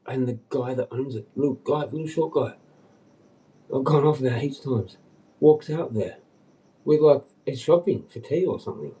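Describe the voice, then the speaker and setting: A man rambling on a casual livestream, agitated and swearing, dropping to mutters and then jumping up in pitch. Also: expressive, moderate pace, dark tone. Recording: distant from the mic.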